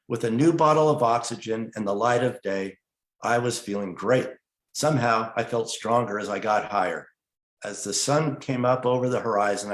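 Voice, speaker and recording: A man telling his own story in an earnest, measured way, narrating at a steady pace and getting emotional at times. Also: medium pitch, echoey room. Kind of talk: personal storytelling, partly read narration.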